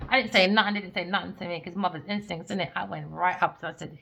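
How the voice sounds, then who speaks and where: A woman's voice: fast talker, creaky, few pauses. A woman, a tarot reader telling personal stories in a casual, slangy, emphatic way. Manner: emphatic, slangy, swings between loud bursts and low murmurs. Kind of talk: casual storytelling monologue. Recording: slightly dull lo-fi audio.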